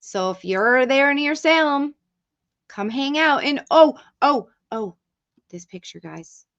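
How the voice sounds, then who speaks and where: A woman hosting a casual livestream, talking slowly and loosely. Her voice sits a bit high, and she swears freely as she reads comments aloud. The sound is dull and lo-fi, like a basic streaming setup. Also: animated, a bit bright. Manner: chatty and profane, reads chat aloud, drifts off-mic. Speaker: livestream host.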